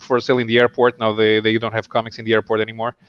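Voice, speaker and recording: A man's voice: fairly low pitch, completely flat delivery, very fast, smooth, dry recording. A man from Portugal speaking in a casual group video chat, thoughtful and hesitant, often restarting his sentences. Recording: dull lo-fi call audio.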